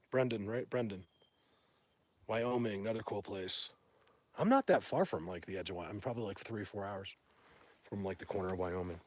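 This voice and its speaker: A man livestreaming from a phone in a mountain wilderness, chatting to viewers in a rambling, excitable way as a bigfoot hunter. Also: medium pitch, no echo. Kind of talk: casual live stream chat. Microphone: phone held by hand.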